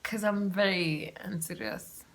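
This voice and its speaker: A young woman hosting her own podcast, telling a story in a chatty, animated, self-mocking way. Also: medium pitch, unhurried. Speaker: podcast host. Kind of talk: casual solo storytelling. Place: room at home with the windows open.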